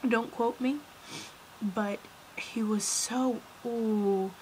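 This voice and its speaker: A teenage girl giving a casual, gushing film review vlog, rambling, dropping into whispers and then bursting out louder. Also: fairly high pitch, fairly even intonation, very slow, slight background noise, rough recording. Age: teens. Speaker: vlogger.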